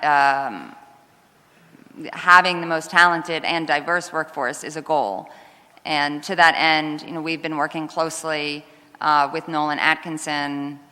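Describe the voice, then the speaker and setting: Bright-voiced woman testifying, low-pitched. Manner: measured, hesitant, many ums. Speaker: city official testifying at a council hearing. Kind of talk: formal testimony answering questions. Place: city council hearing chamber. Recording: reverberant council chamber.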